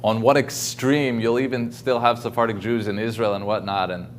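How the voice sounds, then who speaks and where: A man's voice: mid-range voice, steady tone, moderate pace, slight background noise. A man giving a casual talk over a video call, with many ums and restarts. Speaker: guest speaker. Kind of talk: informal lecture.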